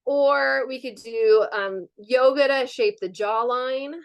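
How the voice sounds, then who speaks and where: A woman's voice: high voice, slow pace, highs cut off. Upbeat lady running an online wellness class on a video call, lots of ums and likes. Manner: chatty and upbeat, with frequent fillers. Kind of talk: live online workshop.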